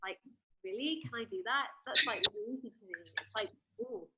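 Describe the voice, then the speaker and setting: A woman coach talking as an interview guest, telling a story in an animated way and acting out her own dialogue. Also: fairly high pitch, fast, heavy background noise.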